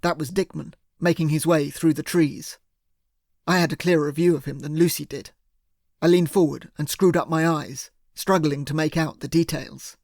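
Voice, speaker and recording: Gravelly man narrating an audiobook. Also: a little high, steady tone, moderate pace, a little mellow, no room sound, studio quality. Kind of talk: first-person audiobook narration.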